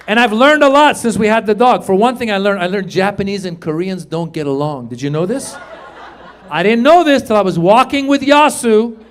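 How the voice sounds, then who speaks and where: A man in his forties, originally from Iran, works a stand-up crowd with a high, bright voice. He delivers his punchlines in bursts of loud shouting. He speaks into a handheld mic on a comedy stage. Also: in a large hall, slight background noise. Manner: animated, loud punchlines with shouted quoted lines. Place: comedy stage before a live audience.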